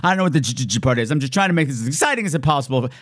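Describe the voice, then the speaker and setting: A man's voice: medium pitch, expressive, very fast, no room sound, studio quality. A man hosting his podcast, reading out thank-yous in a playful, giddy way with hammy announcer flourishes. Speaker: podcast host. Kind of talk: casual thank-you shout-outs.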